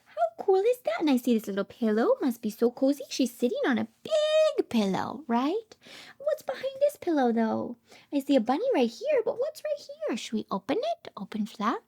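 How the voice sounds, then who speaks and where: A woman with a very high, bright-sounding voice reads a picture book to toddlers, drawing her words out slowly. She swoops up and down in an animated, sing-song way, gasping with delight and dropping into hushed asides as a speech therapist would for small children.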